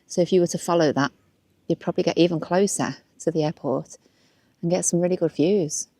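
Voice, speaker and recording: A woman's voice: fairly low pitch, fairly even intonation, a little fast, dark tone, no echo. A young woman from north-west England chatting to camera while walking outdoors, upbeat and laughing easily. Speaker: vlogger. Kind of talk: casual walking vlog to camera. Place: outdoors by a waterside path.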